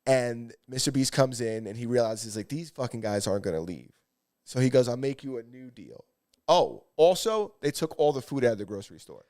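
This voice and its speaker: Male podcast co-host, mid-pitched, casual rambling storyteller who swears. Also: expressive, fairly quick, darkish tone. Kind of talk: casual chat.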